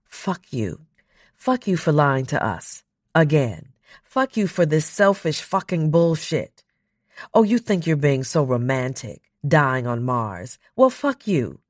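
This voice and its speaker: A woman's voice: low voice, big pitch swings, slow, no room sound, clean studio sound, exaggerated voice. A reader voicing a hurt, furious woman crew member who curses bitterly. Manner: bitter, cursing.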